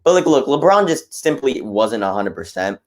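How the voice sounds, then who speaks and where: A man talking basketball as a fan guest on a casual live stream, excitable and loose, saying "bro" and "like" a lot. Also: medium pitch, normal speed.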